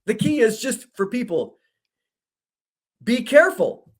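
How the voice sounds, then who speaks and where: A man co-hosting a discussion, telling an animated story and acting out the dialogue he quotes. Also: extremely high pitch, measured pace. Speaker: co-host. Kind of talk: conversational discussion.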